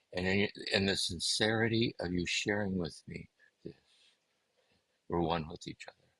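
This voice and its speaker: A man speaking as a guest, giving a gentle, meditative talk on contemplative prayer and often circling back to repeat his phrases. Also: low voice, normal speed, gravelly, pauses often, no room sound, low-quality recording. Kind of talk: reflective spiritual teaching.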